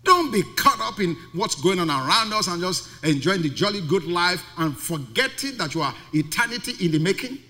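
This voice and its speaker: A man's voice: high-pitched, very animated, moderate pace, hardly any pauses, bright, forceful tone. A male pastor preaching a sermon, emphatic and full of rhetorical questions. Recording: long reverb of a large hall.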